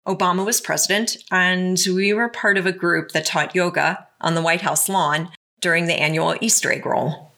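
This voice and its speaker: A woman's voice: lowish voice, steady tone, moderate pace, vocal fry, sharp tone. A woman hosting a podcast, narrating scripted segments with asides to the listener. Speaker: podcast host.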